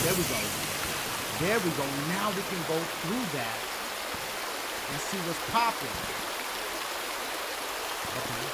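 A man giving excitable, profane let's-play commentary, talking back to game characters and yelping when scared. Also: high voice, noisy background. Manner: panicky yelps and shouts when scared. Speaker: gaming video host. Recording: loud game audio and clicks behind voice.

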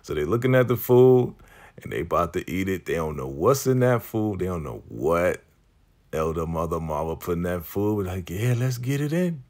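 A man recapping a TV episode in a casual, animated, slangy way, acting out the characters' lines. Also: low voice, moderate pace. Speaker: TV recap vlogger.

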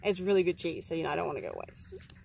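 A woman's voice: fairly low pitch, very fast, vocal fry, heavy background noise. A young woman chatting with a friend on an outdoor picnic, cracking dry jokes on the side. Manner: dry, joking asides. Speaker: vlogger's friend. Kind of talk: casual chat. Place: outdoors in a rainforest picnic area.

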